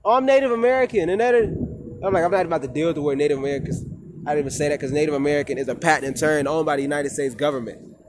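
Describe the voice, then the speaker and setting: A man's voice: on the high side, racing, noisy background. A man, a wellness coach, talking to his viewers in an emphatic, preachy way with lots of casual slang. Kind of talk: informal monologue to viewers.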